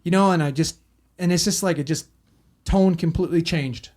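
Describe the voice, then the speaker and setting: A man's voice: on the high side, a little fast, a little mellow. Guy swearing nonstop, rambling story, acting out what people said, podcast chat. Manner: profane and rambling, acting out quotes. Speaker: paramedic telling a story.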